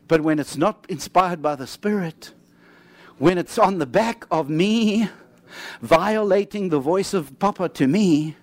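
A man preaching a sermon, telling stories with lively swings between animated bursts and low, quiet emphasis. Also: no echo.

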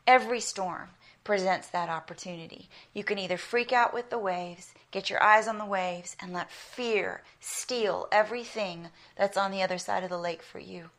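This middle-aged woman, South African but with an American accent, preaches through personal stories in an earnest, emphatic way. Her voice sits at medium pitch with a fairly bright tone, a normal pace, and few pauses.

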